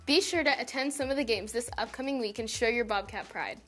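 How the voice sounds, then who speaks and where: Teen girl, school news co-anchor, steady scripted read, a bit high, faint music. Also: fairly quick. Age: teens.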